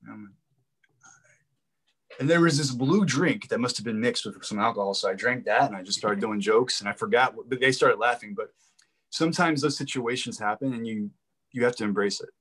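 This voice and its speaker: A man who acts and does comedy, a guest in a casual interview, telling lively anecdotes. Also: mid-range voice, fairly quick, breathy edge.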